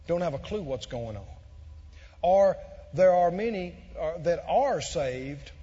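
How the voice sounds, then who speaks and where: A man preaching a sermon to a congregation, emphatic and repetitive, building to loud shouted peaks. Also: fairly high pitch, lively intonation, slow, breathy edge, in a large hall, muffled recording. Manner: emphatic, repeats phrases, swells to shouts.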